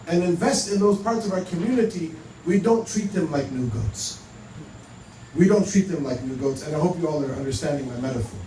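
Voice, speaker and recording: A man with a high, darkish-toned voice speaks as a Muslim speaker to a community audience. His talk is conversational, built on stories, with dialogue acted out in quoted exchanges. The hall is roomy, the mic distant, and a faint hum is present.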